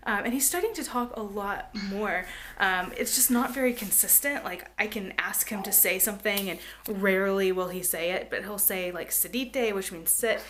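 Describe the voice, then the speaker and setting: A woman in her thirties chatting candidly to the camera at home, soft and rambling with lots of fillers, sometimes dropping to a near-whisper. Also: medium pitch, moderate pace, slight background noise. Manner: drops to a hushed near-whisper at times. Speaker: family vlogger, mother. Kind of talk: casual to-camera vlog chat. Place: home, indoors.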